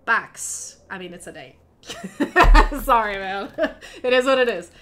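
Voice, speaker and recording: A woman's voice: fairly high pitch, lively intonation, takes it slowly, a bit bright. A woman narrating as game master of a tabletop fantasy game, chatty and given to laughing asides.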